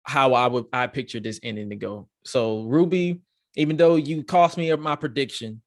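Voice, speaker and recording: A man hosting a podcast, reviewing wrestling in excitable, profane, rambling casual chat. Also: medium pitch, moderate pace, dry recording, studio quality. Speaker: podcast host.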